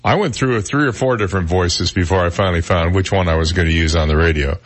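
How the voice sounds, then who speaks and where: A man in his sixties with a deep baritone voice, hosting a morning radio talk show and telling stories at a relaxed pace with plenty of fillers. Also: quick pace. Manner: relaxed storytelling with frequent fillers. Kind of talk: casual morning radio chat. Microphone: studio broadcast mic.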